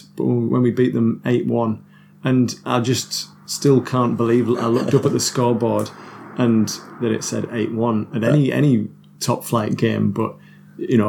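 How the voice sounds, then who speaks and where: Gravelly-voiced man, chatty. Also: medium pitch, a little mellow, slight background noise. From North East England. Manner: chatty, self-deprecating, lots of restarts and laughs. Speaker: guest musician. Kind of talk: casual podcast chat.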